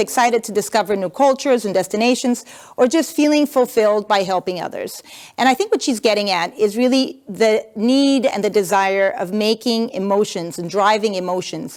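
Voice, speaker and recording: A woman moderating a panel discussion, conversational and often tagging her points with a question. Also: mid-range voice. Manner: conversational, ends points with "right?".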